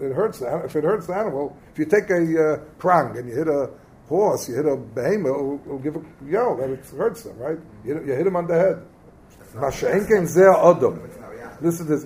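A man's voice: fairly high pitch, darkish tone. A man giving a Talmud class lecture as a Torah teacher, explaining texts in English mixed with Hebrew terms and quizzing his students.

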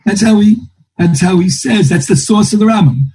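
A man's voice: high voice, expressive, normal speed, dark tone, husky, poor audio. A man teaching a Talmud class, thinking aloud and quoting texts in a lilting singsong. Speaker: Torah teacher.

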